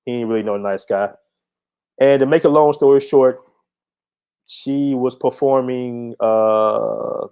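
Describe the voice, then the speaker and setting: A man's voice: mid-range voice, darkish tone. A middle-aged man hosting his own channel, telling a story in a casual monologue with a blunt, profane, laid-back manner. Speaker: channel host. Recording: dull lo-fi audio.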